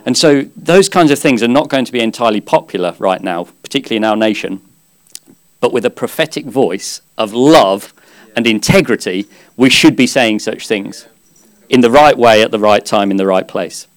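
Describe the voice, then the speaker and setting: A man's voice: mid-range voice, lively intonation, normal speed. Earnest male preacher giving a sermon. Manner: earnest, conversational, with gentle humor. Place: church service.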